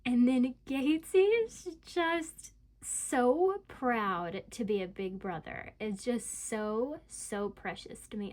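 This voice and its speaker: A woman's voice: on the high side, slow, a little mellow. A woman in her thirties, a mom vlogging in casual chat to the camera, gushing and chatty with lots of fillers.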